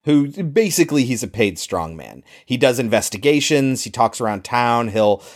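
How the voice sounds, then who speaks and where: Male co-host, casual film discussion, relaxed explanatory delivery. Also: medium pitch, normal speed. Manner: relaxed, explains plot points at length. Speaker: podcast co-host.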